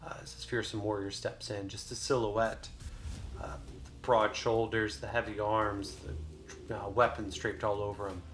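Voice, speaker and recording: Low-voiced man running a tabletop game. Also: flat delivery, moderate pace, slight background noise. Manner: casual, loose, many fillers. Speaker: game master. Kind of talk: narrating a solo tabletop game. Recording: voice over loud background music. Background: music.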